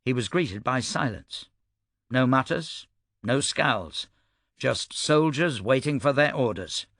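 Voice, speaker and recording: A man reading an audiobook in steady, even scripted narration. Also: mid-range voice, slow pace, no echo, clean studio sound.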